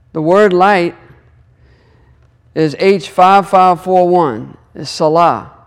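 Earnest higher-pitched man teaching scripture. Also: smooth. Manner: earnest, repetitive, prays aloud. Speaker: Torah teacher. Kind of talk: devotional teaching.

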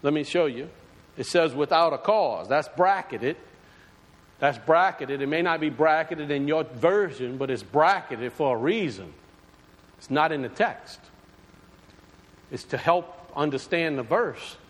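A man's voice: on the high side, expressive, a little slow. A man preaching a sermon, talking conversationally and asking his congregation questions. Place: church sanctuary. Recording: long hall reverb.

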